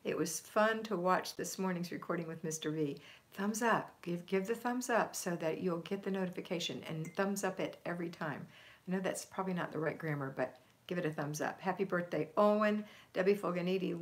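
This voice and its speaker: Lower-voiced upbeat woman hosting a live chat. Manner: upbeat, emphatic, chatty, coaching tone; reads viewer comments aloud and answers them. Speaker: homemaking livestream host. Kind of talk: live motivational chat, reading viewer comments.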